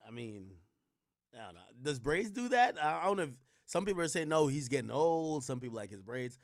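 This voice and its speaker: A man's voice: medium pitch, very animated, fairly quick, no echo, clean studio sound. A man streaming casual reaction commentary, rambling and slangy with frequent restarts.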